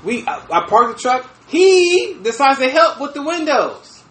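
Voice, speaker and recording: A man telling a story on a casual podcast, animated and profane, often laughing as he talks. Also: very high-pitched, measured pace, reverberant. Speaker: podcast host. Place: room with fireplace.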